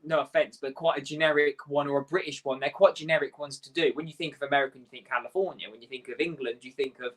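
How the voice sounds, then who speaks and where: A man's voice: a little high, fairly even intonation, quick pace, hardly any pauses, a bit bright, rough recording. A man guest in a casual chat, talking with enthusiasm and acting out little quoted asides as he makes his points. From Europe. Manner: enthusiastic, talks through ideas with quoted asides.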